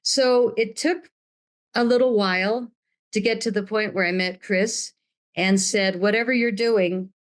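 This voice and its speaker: A woman's voice: mid-range voice, steady tone, measured pace. An older woman telling her story as an interview guest, dramatic and acting out the voices of others. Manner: dramatic, acts out quoted voices.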